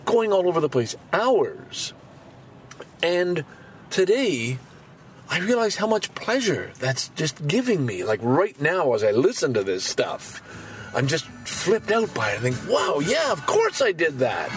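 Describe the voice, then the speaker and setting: Lively sixty-five-year-old man podcasting. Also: measured pace, a little hiss or hum. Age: 60s. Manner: animated, swinging from low musing to loud outbursts; swears casually, repeats words when pushing a point. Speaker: podcast host. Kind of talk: casual monologue.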